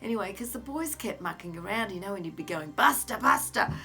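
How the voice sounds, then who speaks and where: A woman's voice: medium pitch, quick pace, soft background music. An older woman, telling a family anecdote casually and acting out the people in it. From Australia. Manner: animated anecdote with acted-out quotes. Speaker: interviewee sharing memories. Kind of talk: casual storytelling.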